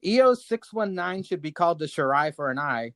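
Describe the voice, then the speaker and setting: A man co-hosting a podcast, reading his match notes with crude jokes in a deadpan way. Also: on the high side, moderate pace, no echo, studio quality. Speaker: podcast co-host.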